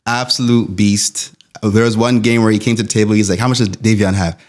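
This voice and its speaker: A man's voice: on the low side, steady tone, a little fast. A man on a casual sports podcast panel, easygoing and agreeable, with a lot of hesitations. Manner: easygoing, agreeable, lots of ums.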